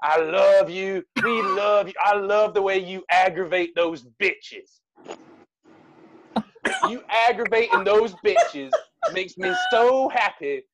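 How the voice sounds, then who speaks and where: A man imitating a very loud, gushing older male fan in his late fifties or early sixties, shouting with delight. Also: sits high, takes it slowly, a little hiss or hum, pitched above the performer's own voice, exaggerated voice, rough recording. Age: late 50s to early 60s. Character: booming older male airport fan, overjoyed.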